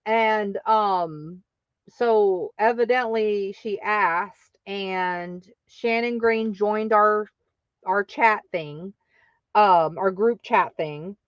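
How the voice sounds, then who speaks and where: A woman's voice: medium pitch, extremely slow, clean tone, no room sound, muffled recording. A woman hosting her craft channel, telling a story casually and acting out other people's lines in exaggerated voices.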